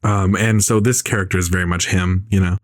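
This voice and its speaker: Man, podcast host, low voice, dry close mic, rambling casual chat. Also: fairly even intonation, brisk, no echo. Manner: talkative, rambling with many fillers.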